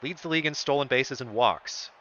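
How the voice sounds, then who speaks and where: A man's voice: medium pitch, brisk, bright, forceful tone, muffled recording, a little hiss or hum. A man streaming a baseball video game, commentating it like a broadcaster whose voice jumps up on big plays. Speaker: streamer doing play-by-play. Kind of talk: sports-style play-by-play commentary of a video game.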